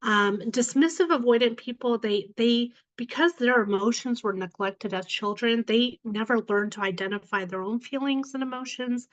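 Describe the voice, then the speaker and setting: A woman's voice: fairly high pitch, moderate pace, few pauses, lo-fi sound. A woman on a panel discussion, explaining things with lots of fillers. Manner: explanatory, uses many fillers.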